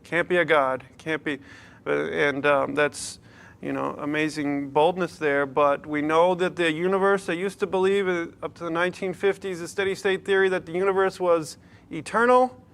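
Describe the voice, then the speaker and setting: Clear-voiced young pastor, chatty sermon. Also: male voice, on the high side, fairly even intonation, normal speed, a bit bright. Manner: conversational storytelling with nervous restarts and laughs; asks the audience rhetorical questions.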